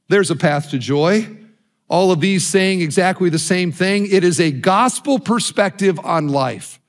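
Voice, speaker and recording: A man preaching a sermon as a pastor, telling stories with animation and urging his listeners on. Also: high voice.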